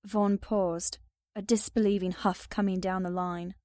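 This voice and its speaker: A woman narrates a first-person audiobook in an even, subdued way. Her voice is mellow and warm, recorded close and dry. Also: medium pitch, unhurried, dry recording.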